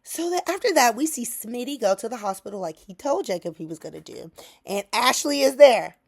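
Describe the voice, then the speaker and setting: Animated woman recapping a soap opera. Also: a little high, a little fast, gravelly, husky. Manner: animated, acts out characters' lines in quotes; laughs often, slangy and sassy. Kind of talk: casual recap vlog.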